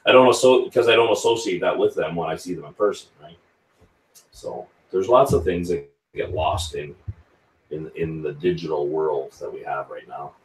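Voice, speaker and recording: A man's voice: extremely low pitch, moderate pace, distant mic, slight background noise. A man hosting a casual live chat about whisky, reading out viewer comments as he goes. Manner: chatty, reads out viewer comments. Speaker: whisky channel host. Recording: roomy sound, set back from the mic.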